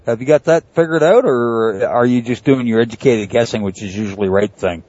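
A male podcast host chatting casually, often laughing and tripping over his words. His voice sits at a middle pitch. The recording is dull and lo-fi, with a dry, close sound. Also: brisk, a little mellow, no echo.

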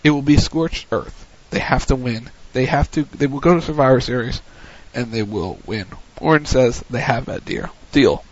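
A man hosting a wrestling recap, retelling the action play-by-play in a casual way. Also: medium pitch. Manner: recounts events in a hurried play-by-play, with frequent restarts. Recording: dull lo-fi audio.

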